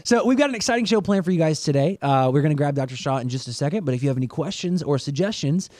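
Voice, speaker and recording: A man co-hosting a radio talk show, telling a family story in a lively, chatty way. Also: on the high side, no echo, studio quality. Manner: storytelling father, quick and animated. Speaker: co-host. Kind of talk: casual chat.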